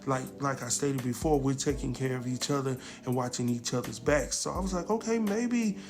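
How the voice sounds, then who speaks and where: A man casually recapping a TV episode, acting out the characters' lines in a lively, slangy way. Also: medium pitch, brisk, over music. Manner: animated storyteller, acts out quotes, slangy. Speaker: TV recap host.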